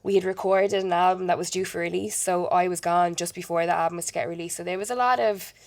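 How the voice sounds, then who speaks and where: A woman's voice: on the low side, steady tone, quick pace. An Irish woman talking as a guest on a casual podcast, candid and laid-back as she recalls her past. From Ireland.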